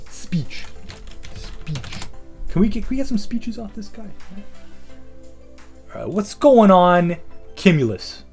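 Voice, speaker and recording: A man hosting a comedy podcast, riffing in a rambling, profane, swaggering way. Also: high voice. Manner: profane, animated, swaggering storytelling. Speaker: podcast host.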